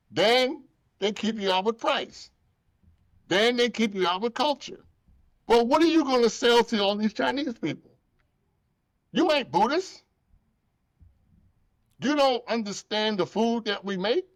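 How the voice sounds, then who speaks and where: His voice is very high and his pace measured, broken by long pauses, with no echo around it. The man hosts an easygoing podcast where he tells stories with lots of emotion, acts out each person, and swears freely.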